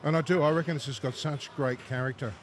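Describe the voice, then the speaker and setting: A man, hoarse from losing his voice, commentating a pinball competition and often asking tag questions. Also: a little high, fairly even intonation, fast talker. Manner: conversational, asks tag questions. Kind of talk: casual live commentary. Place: pinball club. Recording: clear background noise.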